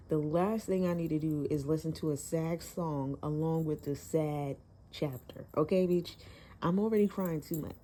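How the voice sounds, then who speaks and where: A woman's voice: sits low, dark tone. A woman giving a casual, candid book review, laughing often and cursing freely while talking into her phone.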